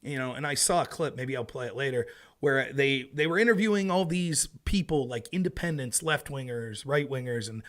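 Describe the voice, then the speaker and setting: A man's voice: medium pitch, lively intonation, moderate pace, fairly bright tone. A man hosting a casual livestream of political commentary from home, talking in an emphatic, conversational way.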